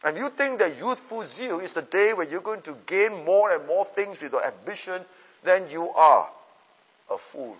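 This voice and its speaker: A man with a high voice preaches a sermon with force, repeating his phrases and moving from loud calls to soft asides. His words ring out with a long reverb, as if he were in a large hall. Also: lively intonation, normal speed, breathy edge.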